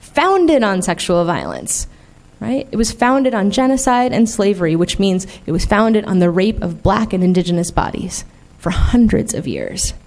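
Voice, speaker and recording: An adult woman with twenty years in the field speaks as a plenary speaker in a conference hall, candid and emphatic, peppering her talk with "like" and "right?". Her voice is medium-pitched and mellow.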